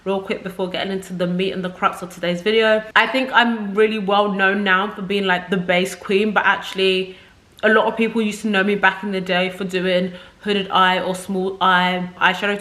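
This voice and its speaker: A woman's voice: mid-range voice, fairly bright tone. A young woman beauty creator chatting casually to camera from a makeup setup at home, rambling and effusive.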